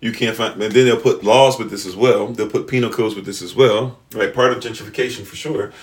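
A livestream host with a fairly low, fairly even voice lectures at a fairly quick clip. Sentences get restarted mid-stream and punctuated with repeated "right?" checks, while he occasionally talks to chat and to an off-mic partner.

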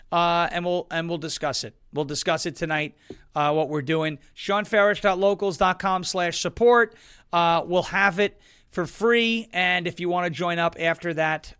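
A man from Long Island, New York, hosting a political talk show with wisecracking, sarcastic commentary and bursts of loud emphasis. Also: high voice, smooth. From Suffolk County, New York, US.

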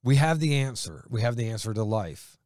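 A man preaching a sermon with fervent emphasis, his delivery rising loud and dropping quiet. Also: medium pitch, animated, brisk, dry recording, studio quality.

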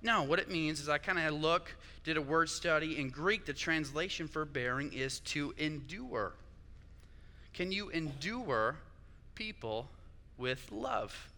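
A man's voice: a little high, unhurried, bright, forceful tone, in a large hall. A young man preaching a sermon, conversational and chatty, often asking his listeners "right?". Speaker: pastor.

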